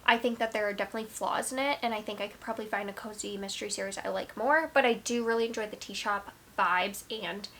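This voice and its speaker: A woman's voice: medium pitch, fast talker, hardly any pauses, a bit bright, slight background noise. A young woman talking casually to camera about her books, rambling with lots of "like" and trailing restarts. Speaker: book vlogger. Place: at home.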